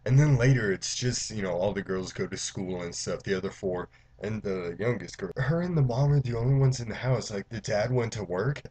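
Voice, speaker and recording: A man's voice: on the low side, expressive, darkish tone, a little hiss or hum. A man giving a casual, profane, rambling movie recap, full of "like" and restarts, briefly mimicking characters' lines. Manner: acts out characters' lines in quick mock voices. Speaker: movie reviewer. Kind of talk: casual spoiler-filled recap.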